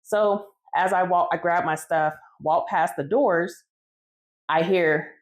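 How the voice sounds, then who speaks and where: A woman's voice: fairly low pitch, fairly even intonation, takes it slowly. A woman who bakes cakes, recounting her story casually in a conversational vlog. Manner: casual, conversational, retelling dialogue. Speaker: home cake baker telling her story.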